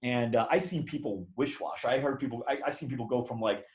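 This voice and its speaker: A man talking as a podcast guest, telling a story in a rambling, animated way with casual swearing. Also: mid-range voice, fairly quick, few pauses.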